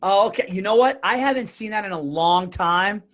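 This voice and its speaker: Male podcast host with a high voice and an excitable storytelling style. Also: moderate pace. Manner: excitable storyteller who acts out quotes. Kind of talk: casual chat.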